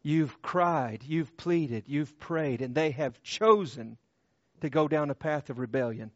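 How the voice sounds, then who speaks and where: Impassioned man preaching a slow sermon. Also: on the high side, expressive, no room sound, lo-fi sound. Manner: impassioned, swings from loud emphatic cries to hushed tender tones; repeats short phrases for emphasis.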